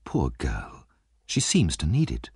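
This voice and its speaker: A man voicing a gentle young lady in an audiobook, speaking softly and kindly. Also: very deep voice, wildly swooping pitch, slow, husky, no room sound, clean studio sound, heavily acted. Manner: soft and gentle. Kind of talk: audiobook character voice.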